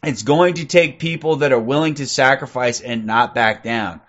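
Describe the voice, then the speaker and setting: Ending almost every line with "okay?", a livestream host in his forties delivers aggressive, profane ranting commentary. He has a mid-range, fairly bright voice at normal speed, captured on a muffled recording.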